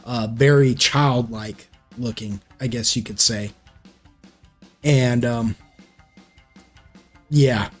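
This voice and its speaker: A man's voice: mid-range voice, fairly even intonation, slow, long pauses. A man narrating as game master of a tabletop game, hesitant and full of fillers, voicing characters in quotes. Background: background music.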